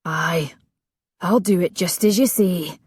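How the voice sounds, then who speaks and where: A woman voicing a rough, hesitant bandit leader. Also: slow, darkish tone, dry recording, far from the mic. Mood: uncertain. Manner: rough, low.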